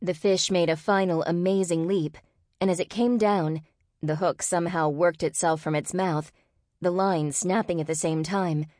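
Woman, audiobook narrator, low voice, steady expressive reading, dry studio sound. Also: moderate pace, no room sound. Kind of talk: scripted narration.

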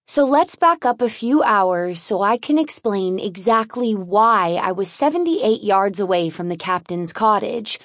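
A woman's voice: a little high, dry recording. A woman narrating an audiobook in a wry, conversational first-person storytelling manner, recorded in a dry booth.

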